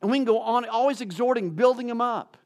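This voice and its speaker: A man's voice: very high voice, fast, darkish tone. A male pastor giving a sermon in a conversational way, joking about himself and often restarting his sentences. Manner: conversational preaching with self-deprecating jokes and frequent restarts.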